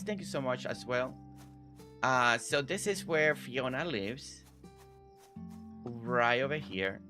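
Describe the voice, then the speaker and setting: With a gravelly, medium-pitched voice, a man live-streams a farming game. He's friendly and casual with his viewers, reading their messages aloud and warmly thanking each one by name.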